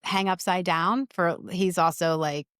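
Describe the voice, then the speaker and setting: A woman in her forties, a mother talking earnestly in an interview, in quick bursts with many restarts. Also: on the low side, steady tone, fairly bright tone, dry recording, clean studio sound. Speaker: guest, mother. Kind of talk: conversational interview.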